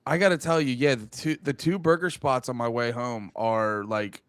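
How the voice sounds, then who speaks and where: A man's voice: medium pitch, steady tone, normal speed, smooth, no room sound. A young man co-hosting a podcast, chatting loosely, swearing and restarting his sentences. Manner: loose, profane, rambling with restarts. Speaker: podcast co-host. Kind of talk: casual chat.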